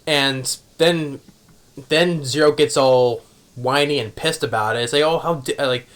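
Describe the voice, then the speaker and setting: A man's voice: medium pitch, fairly even intonation, a little slow, a bit bright. A man casually recapping an anime episode, rambling with many restarts and fillers. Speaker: anime reviewer.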